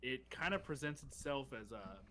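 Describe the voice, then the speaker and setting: A young man on a podcast, talking in a bright, forceful voice. He rambles enthusiastically with lots of fillers and restarts. A faint hum sits under the recording. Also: mid-range voice, animated, normal speed. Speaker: podcast co-host. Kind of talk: casual chat.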